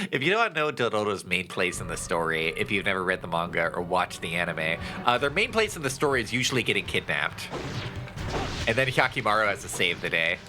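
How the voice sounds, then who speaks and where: A young man chatting casually while streaming a game, laid-back and joking, getting excitable. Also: low voice, moderate pace, music in the background.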